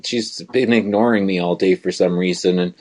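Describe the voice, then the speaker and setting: A man's voice: sits low, fairly even intonation, normal speed, a little mellow. A man co-hosting a casual live show from his bedroom, telling rambling stories in an easygoing way. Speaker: co-host.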